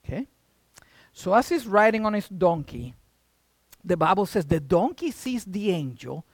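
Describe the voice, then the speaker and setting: A man preaching a sermon, retelling a Bible story in a casual, animated way, with sound effects and asides. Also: sits high, unhurried, no echo.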